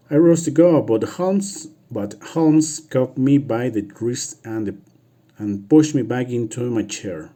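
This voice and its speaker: Non-native male reader, Spanish first language; slow, very mellow tone; halting practice read with restarts. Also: mid-range voice. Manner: halting, restarts and repeats words. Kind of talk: reading a novel aloud for practice.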